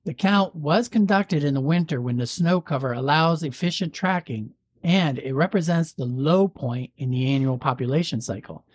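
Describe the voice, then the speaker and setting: A man hosting a podcast, reading a local legend aloud in a measured storytelling manner with dry jokes. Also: on the high side, slightly rough, dry recording. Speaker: podcast host.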